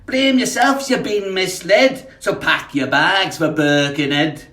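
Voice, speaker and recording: A man's voice: high voice, sing-song, takes it slowly, pushed and bright, voice pushed up, full character voice. A man putting on a slight Scouse accent to recite a comic rhyming poem as a grumbling Merseyside holidaymaker, in a sing-song rhythm. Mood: mocking. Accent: put-on Scouse. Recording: echoey room, voice off-mic.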